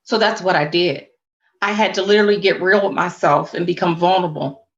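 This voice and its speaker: A woman's voice: fairly low pitch, fairly even intonation, brisk, dull audio. A woman speaking as a spiritual coach and interview guest, earnest and reflective, with faith-tinged phrasing.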